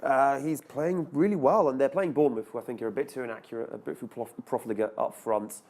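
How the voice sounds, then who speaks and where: A man's voice: mid-range voice, quick pace, a little mellow. A man on a sports panel, chatty and self-mocking as he explains his fantasy football picks. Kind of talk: casual sports chat.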